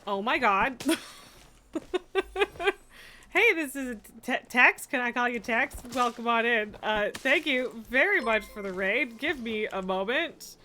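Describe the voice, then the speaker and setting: A woman live-streaming a game, cooing baby talk to her cat and chatting warmly with viewers. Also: a little high, lively intonation, unhurried, a little hiss or hum. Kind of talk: casual live-stream chat. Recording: faint music behind.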